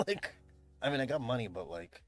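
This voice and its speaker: A man's voice: mid-range voice, animated, moderate pace, soft background music. A man chatting casually on a livestream from his room at home, rambling, swearing and laughing often. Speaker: livestreamer and event host. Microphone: streaming mic.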